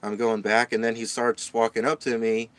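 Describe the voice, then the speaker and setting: A shaken man tells a tense story in a rambling vlog. He stammers, restarts, and swears often as he vents. His voice sits at an ordinary male pitch. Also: flat delivery, normal speed, clean tone. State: upset and shaken. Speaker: vlogger.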